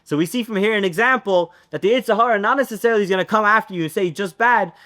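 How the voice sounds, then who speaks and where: A man teaching a Torah class, telling a story with lively acted-out dialogue. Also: sits high, fast. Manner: animated storyteller, acts out dialogue.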